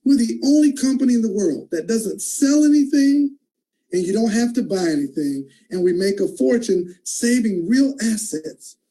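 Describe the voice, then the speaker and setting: Male host, excitable and emphatic; high pitch, very dark timbre. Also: normal speed, rough recording. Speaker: host of an online call. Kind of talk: enthusiastic moderating.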